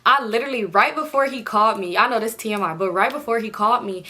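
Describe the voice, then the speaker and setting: A young woman telling a storytime in a blunt, animated, slangy way. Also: on the high side, fast talker. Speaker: storytime vlogger. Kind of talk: casual storytime chat.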